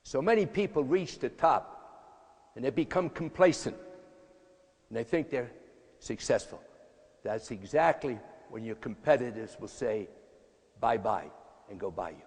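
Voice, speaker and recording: A man's voice: mid-range voice, animated, a little slow, pauses often, a little mellow, slightly rough. A man in his eighties giving a motivational speech in a punchy, emphatic, folksy way. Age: 80s. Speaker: motivational speaker, tennis coach. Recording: echoey hall reverb.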